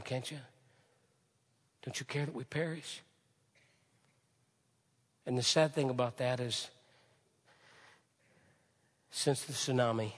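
A man preaching a sermon with passion, swinging from shouted peaks to hushed, quiet lines. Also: medium pitch. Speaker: pastor. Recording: long hall reverb.

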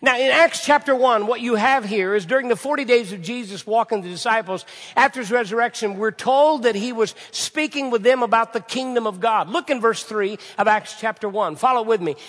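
A man's voice: extremely high pitch, a little fast, few pauses, a bit bright. A man preaching a sermon to a congregation, asking rhetorical questions and repeating phrases for emphasis. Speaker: pastor. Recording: reverberant hall.

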